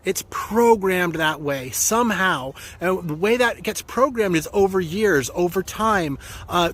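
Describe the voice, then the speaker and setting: A man's voice: on the high side, a bit bright. A man speaking as a coach in a casual, earnest and encouraging talk to his viewers, acting out quoted voices as he goes.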